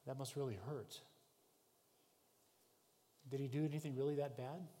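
A man preaching a sermon, telling a vivid story in the second person, rising to shouts and dropping to hushed tones. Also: mid-range voice, steady tone, normal speed. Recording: long hall reverb.

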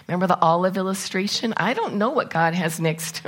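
A woman's voice: lowish voice, animated, a little fast. A middle-aged woman gives a conversational sermon as a church speaker. She tells personal stories candidly and works through a numbered list of points.

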